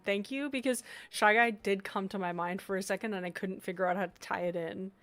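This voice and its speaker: A woman's voice: mid-range voice, fairly quick, few pauses, fairly bright tone. A woman live-streaming as she works on game designs, chatting casually with her chat, reading messages aloud and laughing often. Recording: faint background music.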